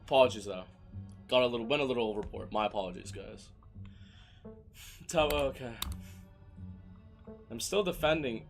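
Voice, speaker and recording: A young man commentating a game as a streamer, excitable and profane, breaking into shouted rants. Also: mid-range voice, moderate pace, creaky, pauses often, soft background music. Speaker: gaming streamer. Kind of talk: let's play commentary.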